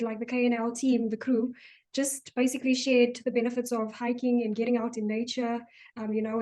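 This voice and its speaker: A soft-spoken woman co-hosts a podcast, recapping episodes with gentle enthusiasm. Her voice sits a little high and sounds mellow and warm. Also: rough recording. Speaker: podcast co-host. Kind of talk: casual recap chat.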